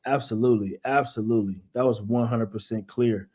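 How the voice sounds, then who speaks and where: A man who is an investor, a guest in a casual interview, with a smooth, cool late-night DJ voice. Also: medium pitch, fairly even intonation, a little fast, warm tone.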